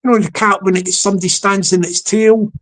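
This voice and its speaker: A woman's voice: medium pitch, steady tone, brisk. A woman hosting a casual livestream, rambling and repeating herself as she chuckles and talks to her chat viewers. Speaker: livestream host.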